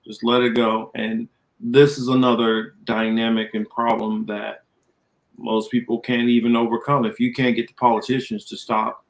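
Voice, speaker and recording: A man's voice: mid-range voice, flat delivery, moderate pace. Rambling man on a casual podcast. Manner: loose, rambling, reads chat comments aloud. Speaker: co-host. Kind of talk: casual political podcast chat.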